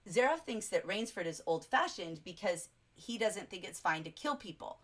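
An enthusiastic woman leads a live English class on a short story. She reads passages aloud and talks back to her viewers' chat in a chatty, excited way. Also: mid-range voice, moderate pace. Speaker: English teacher. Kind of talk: livestreamed literature lesson.

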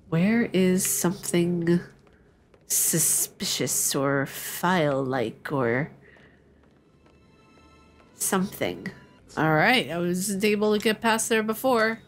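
A woman's voice: lowish voice, lively intonation, slow, pauses often, soft background music. A young woman hosting a let's-play, chatting playfully with her viewers as she plays. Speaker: gaming channel host. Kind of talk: casual let's-play commentary.

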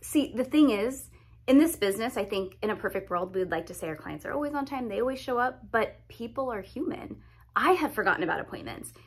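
Chatty lady giving lash biz tips, kinda high voice, lively and talky. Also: brisk. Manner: chatty, lively, acts out scenarios. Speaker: lash business educator. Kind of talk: casual advice video.

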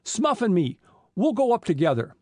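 A man's voice: sits high, very animated, normal speed, a little mellow, no room sound, clean studio sound, pitched above the performer's own voice. A man reading an audiobook, voicing a pompous, timid small-town police chief who talks in folksy, blustering grammar. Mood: nervous.

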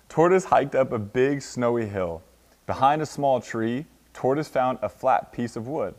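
A man's voice: medium pitch, lively intonation, unhurried, darkish tone. A young man in his twenties, a college football player, reading a children's picture book aloud with sound effects. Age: 20s. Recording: long hall reverb.

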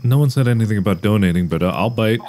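A man's voice: on the low side, very fast, a little mellow, slight background noise. A man goofing around and teasing friends while playing a co-op horror game. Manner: goofy, repeats others' lines in silly voices. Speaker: co-op game player. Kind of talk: casual gaming chat.

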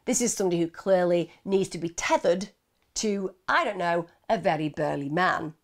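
Woman, 30s, true crime host, low gravelly voice, animated and indignant storytelling. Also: normal speed. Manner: animated, indignant, rhetorical questions.

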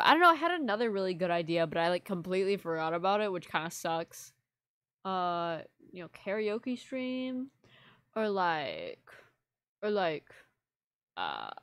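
A young woman chatting to her stream audience at a desk mic, rambling on and apologizing often as she works through things. Her voice sits at an ordinary middle pitch, and the sound is close and dry with no room echo. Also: clear, resonant tone. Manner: rambling, apologetic, filler-heavy. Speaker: livestreamer. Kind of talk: casual live-stream chat to viewers.

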